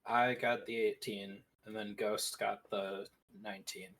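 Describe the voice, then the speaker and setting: A man's voice: on the low side, flat delivery, a little slow, fairly bright tone, poor audio. A man playing in a tabletop game, laid-back and joking in casual chat with friends. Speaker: player.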